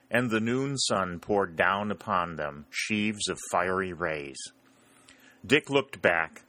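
A male narrator reading a historical novel in a steady, plain way. His voice sits on the low side yet sounds bright and forceful. The recording is dry with no room sound. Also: no room sound. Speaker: audiobook narrator. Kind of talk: storybook narration.

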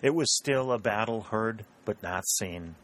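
A man narrates a historical novel in a steady, measured way. His voice sits on the low side and moves at an unhurried, even pace. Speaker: audiobook narrator.

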